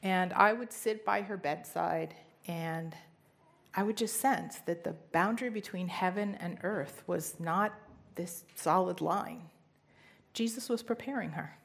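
A middle-aged woman gives a personal faith testimony in a low, gravelly voice. She tells her story earnestly, with emphatic rises in pitch. Her delivery has the feel of a heartfelt talk. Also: unhurried. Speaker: speaker sharing testimony.

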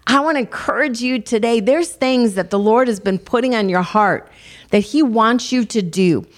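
A woman's voice: fairly high pitch, moderate pace. An older woman co-hosting a faith talk show, earnestly encouraging listeners with family stories. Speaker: co-host of a Christian talk show. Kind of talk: devotional encouragement.

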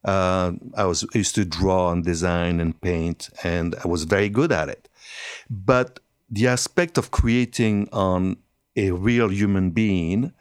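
An older man with a French accent tells his story in a very low voice. He talks freely, restarting phrases and laughing easily. The sound is close and dry. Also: unhurried, clear, resonant tone, no echo. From France. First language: Italian and French. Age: 70s. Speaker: hairstylist guest. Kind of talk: conversational interview.

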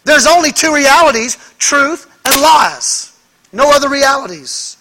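Pastor guy preaching, really high voice, slow and emphatic, keeps asking the crowd questions. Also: expressive, sharp tone, a little hiss or hum. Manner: emphatic, asks the congregation rhetorical questions. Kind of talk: sermon.

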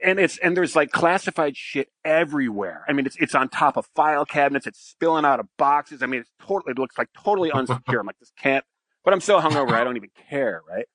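A middle-aged man, a pilot and podcast guest, telling a crude story in a casual, animated way and tagging lines with "right?". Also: a little high, fast talker, hardly any pauses, no echo.

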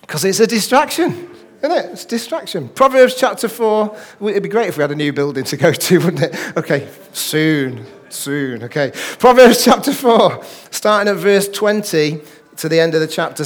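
A man preaches a sermon in a high voice. He slows right down when he reads scripture and keeps slipping in jokey asides to the congregation. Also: lively intonation. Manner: reads scripture slowly and deliberately. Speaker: pastor.

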